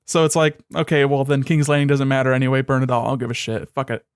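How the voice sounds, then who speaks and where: A young podcast co-host with a smooth, clear voice and a sardonic, profane way of griping. He often sinks into quiet, dismissive mutters. The sound is dry and close to the mic. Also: flat delivery, quick pace, hardly any pauses, no room sound. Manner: sardonic, swearing, trails off into low mutters. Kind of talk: casual chat.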